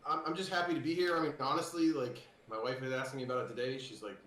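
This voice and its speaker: A man's voice: mid-range voice, fairly even intonation, rapid-fire, a bit bright. A man who plays darts, talking at length after a win over a video call, boastful and joking. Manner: cocky, joking, talkative. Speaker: darts player. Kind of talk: post-match interview. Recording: roomy sound with faint noise.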